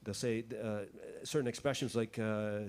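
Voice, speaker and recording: Hesitant low-voiced man from Quebec. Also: fairly even intonation, moderate pace, darkish tone. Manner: hesitant, full of fillers. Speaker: band member. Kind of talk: casual explaining in an interview.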